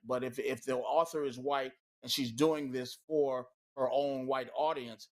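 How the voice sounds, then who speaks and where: A man on a talk-show panel, speaking with anger and emphasis and leaning on many "you know" fillers. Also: mid-range voice. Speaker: co-host. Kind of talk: heated panel discussion.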